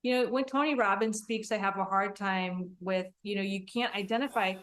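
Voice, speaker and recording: A woman's voice: mid-range voice, steady tone, moderate pace, a bit bright. A woman hosting an interview, speaking earnestly and reflectively from her own experience. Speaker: podcast host.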